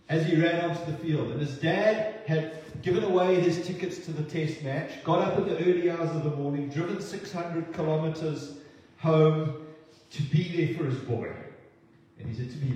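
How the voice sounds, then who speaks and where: A man preaching a sermon in a church, earnest and halting, often repeating words as he restarts. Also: on the high side, a little mellow. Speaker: pastor. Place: church hall. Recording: echoey hall, distant mic.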